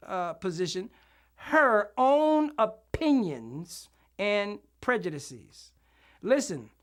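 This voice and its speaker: Bright, preacher-style man shouting for amens. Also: high-pitched. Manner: emphatic call-and-response, asks for amens; often shouts and draws out key words. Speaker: minister speaking at a political event. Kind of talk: impassioned preacher-style speech.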